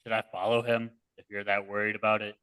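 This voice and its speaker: Bright-voiced man playing a tabletop game. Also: fairly low pitch, little pitch movement, fast talker, smooth, no room sound, rough recording. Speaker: player.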